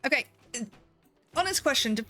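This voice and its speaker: A woman's voice: high-pitched, animated, a little fast, sharp tone, faint music behind. A woman streaming a game, chatting casually, swearing freely and laughing often. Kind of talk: casual gameplay chat.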